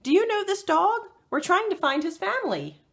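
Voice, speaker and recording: Lady reading as a squeaky excited little girl sleuth, calling out loud, bouncy voice. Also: moderate pace. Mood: eager. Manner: high, excited, often shouting. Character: lively young girl, eager detective.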